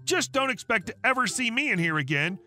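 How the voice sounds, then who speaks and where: A man voicing an entitled, demanding woman customer who complains indignantly in a raised, squeaky voice. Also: sing-song, brisk, pushed and bright, soft background music.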